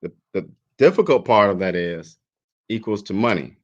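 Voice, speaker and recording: Man, deep voice, talk show guest, measured hesitant delivery, dull lo-fi audio. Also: expressive. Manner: measured, hesitant, lots of ums. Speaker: guest commentator. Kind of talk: casual talk show discussion. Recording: dull lo-fi line.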